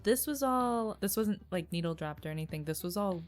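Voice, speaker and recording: A woman's voice: mid-range voice, expressive, brisk, faint music behind. A young woman co-hosting a podcast, chatting about a cartoon and laughing often as she talks. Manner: giggly, laughs often while talking. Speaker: podcast co-host. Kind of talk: casual chat about a cartoon.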